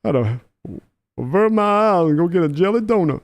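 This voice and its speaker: A man's voice: high voice, animated, brisk. A man doing a blunt Southern pundit impression. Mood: disgusted. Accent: soft Southern. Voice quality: breathy.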